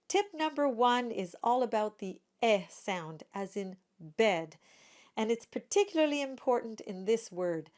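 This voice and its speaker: A woman singing teacher giving a pronunciation lesson, demonstrating each vowel sound slowly and carefully. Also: mid-range voice, expressive, darkish tone.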